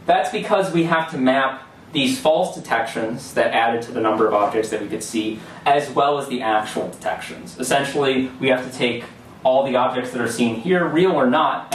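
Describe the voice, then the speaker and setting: This young man's mid-range voice moves at a moderate pace as he presents in a lecture hall, explaining step by step with fillers and restarts. The recording is distant and echoey, with a little hiss or hum.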